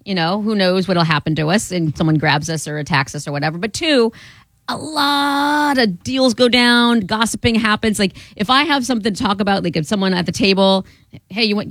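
A young woman co-hosting a casual talk show, telling stories in an animated way. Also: medium pitch, no echo. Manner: animated, laughing, storytelling. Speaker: podcast co-host. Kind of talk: casual banter.

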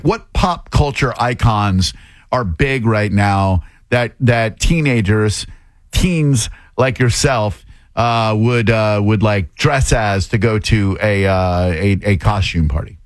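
A man's voice: mid-range voice, dry recording. A man hosting casual interviews at a theme park into a handheld mic, joking and rambling with many fillers. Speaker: host.

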